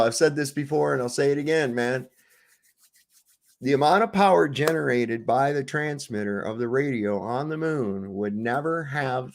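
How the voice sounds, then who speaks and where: A man giving casual, profane commentary on video clips, laughing and mocking as he talks. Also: medium pitch. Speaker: streamer reacting to clips.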